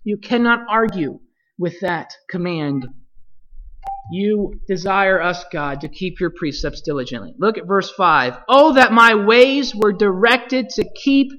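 A Bible teacher leading a study, speaking deliberately and putting questions to the class. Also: medium pitch, fairly bright tone, muffled recording.

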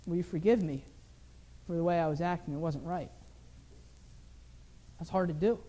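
Earnest man preaching, mellow voice. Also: very high-pitched. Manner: earnest, personal storytelling with rising emphasis. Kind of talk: sermon.

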